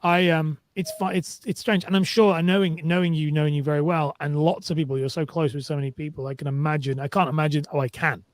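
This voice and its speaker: Fast-talking man, dry close sound. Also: a little high, level tone, no echo. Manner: quick, halting, sympathetic. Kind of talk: casual conversation.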